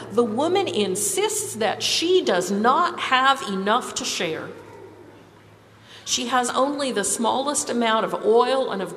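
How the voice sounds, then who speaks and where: A woman preaching a sermon, telling stories in a measured, expressive way. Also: on the high side, slight background noise. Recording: reverberant hall with faint ambience.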